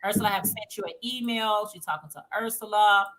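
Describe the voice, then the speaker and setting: A woman's voice: mid-range voice, fairly quick, a bit bright. A woman hosting a casual livestream, chatting informally and reading viewer comments aloud. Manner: reads chat messages aloud, chatty and informal. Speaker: livestream host.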